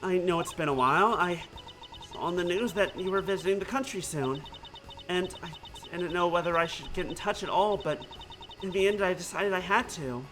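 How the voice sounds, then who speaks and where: A man voicing a soft-spoken, hesitant young mother leaving a recorded message in a video game. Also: high-pitched, normal speed, over music, lightly acted, poor audio. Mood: gentle.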